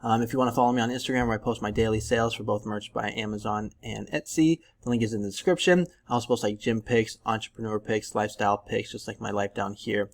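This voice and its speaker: A man from California talking through a casual screen-share tutorial, relaxed and chatty with plenty of ums and likes. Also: fairly low pitch, quick pace, gravelly, few pauses. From Northern California. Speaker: YouTube print-on-demand tutor.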